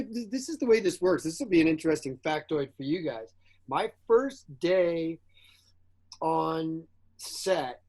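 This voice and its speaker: A man guesting on an interview as an actor tells casual stories with lots of animated energy, performing the quoted dialogue and laughing often. His voice is fairly high.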